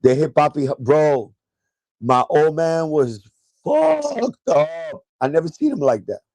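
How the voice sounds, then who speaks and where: Sitting in a chair at home, a sneaker livestream host from New York laughs as he tells a story in a relaxed, foul-mouthed way. He speaks at normal speed with a slightly high, darkish voice on a dry recording.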